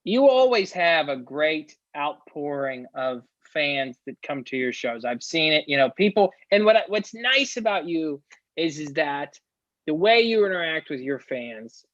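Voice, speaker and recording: A man's voice: on the high side, sing-song, measured pace, fairly bright tone, no room sound, dull audio. A man hosting a podcast who asks long, rambling questions full of fillers. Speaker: podcast host. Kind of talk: interviewer asking questions.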